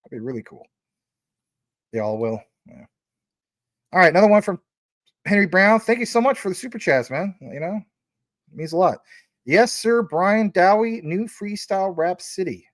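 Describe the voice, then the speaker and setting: A man's voice: sits high, lively intonation, moderate pace, pauses often, no echo, clean studio sound. A man hosting a casual livestream, reading out viewer super chats in a chatty, rambling way and giving names a playful emphasis.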